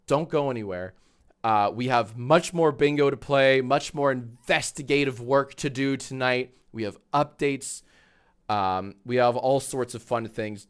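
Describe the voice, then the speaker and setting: A man in his thirties hosts a casual live stream, rambling loosely with plenty of fillers and swearing. His voice sits at an ordinary middle pitch. When he talks to his dog, he jumps up into a high, cooing baby voice. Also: fairly bright tone, smooth. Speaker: livestream host.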